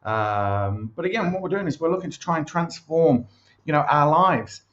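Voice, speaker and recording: A man's voice: on the high side, expressive, normal speed, fairly bright tone. A man hosting a casual personal development show, chatty and full of fillers. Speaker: host. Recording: echoey, dull lo-fi sound.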